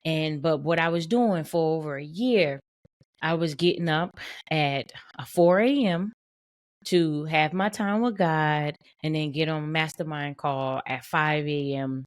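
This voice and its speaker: A woman's voice: low-pitched, measured pace. A woman hosting a motivational podcast as a boundaries coach, speaking emphatically, repeating points and checking in with "right?". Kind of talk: motivational solo podcast talk.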